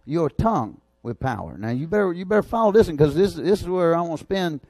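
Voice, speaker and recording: A man preaching a sermon with a lilt and a notably high-pitched voice. He swings from booming, excited shouts down to low, urgent asides. The sound is close and dry, with no room around it. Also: fast talker, gravelly, no echo. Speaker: pastor.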